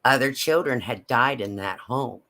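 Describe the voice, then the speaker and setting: A woman telling a personal story in a slow, halting, emotional way. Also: very deep voice, lively intonation, a bit bright. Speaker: vlogger.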